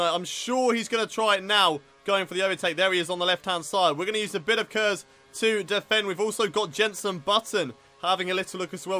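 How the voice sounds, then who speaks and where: A man's voice: sits high, sharp tone. A young man commentating live on his own racing game, getting frustrated and swearing at it. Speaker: gaming video host.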